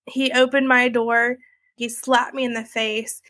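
A woman's voice: a little high, flat delivery, a little slow, bright, forceful tone, dry recording. Woman recounting her story, chatty and unpolished. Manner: conversational, filler-heavy, many likes and you knows. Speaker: interviewee sharing her story. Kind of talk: candid personal storytelling.

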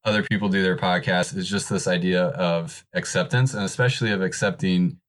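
A man's voice: low-pitched, steady tone, brisk. A man talking openly and earnestly in casual podcast conversation. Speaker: podcaster, co-host.

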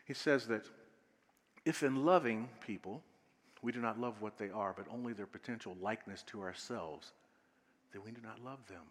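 A man preaching a sermon as a minister. He tells stories and leads his listeners through a short exercise, swinging between loud, laughing passages and hushed, near-whispered ones. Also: fairly low pitch, moderate pace, in a large hall.

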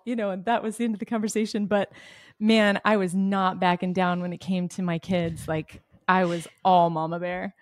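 Animated woman telling a story. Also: medium pitch, normal speed, no room sound, clean studio sound. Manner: animated storyteller who acts out quotes and laughs. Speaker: podcast co-host. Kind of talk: casual faith podcast chat, storytelling.

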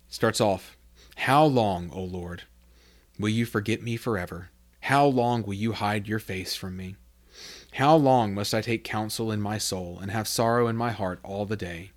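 A man hosting a devotional podcast, talking informally and reading scripture aloud with rising emphasis, often correcting himself with "I mean.". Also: medium pitch. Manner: self-correcting, many fillers like "I mean". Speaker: podcast host teaching scripture.

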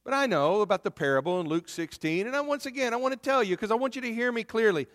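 A man's voice: extremely high pitch, animated, quick pace, fairly bright tone. Man preaching in a reverberant hall. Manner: conversational preaching, repeats words. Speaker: pastor. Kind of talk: sermon. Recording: long reverb of a church hall.

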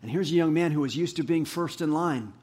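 A man preaching a sermon as pastor, animated, rising to emphatic highs and dropping low. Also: fairly quick.

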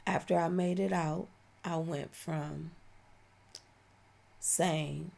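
Woman, 40s; deep, heavily creaky voice; slow, heartfelt testimony. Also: steady tone, darkish tone. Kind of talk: personal testimony.

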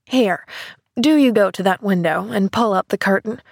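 A woman's voice: medium pitch, normal speed, gravelly, dry recording. A woman reading the part of a bitter, grudging bedridden woman in her forties, sour and dry.

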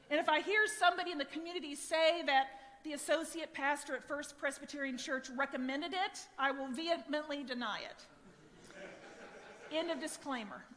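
A woman associate pastor preaching a sermon in an animated, wry, self-deprecating way. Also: high-pitched. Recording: long church reverb.

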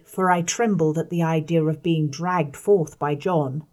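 A woman narrating a first-person story in a measured audiobook reading, letting her voice drop soft on the quiet passages. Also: fairly low pitch, fairly even intonation.

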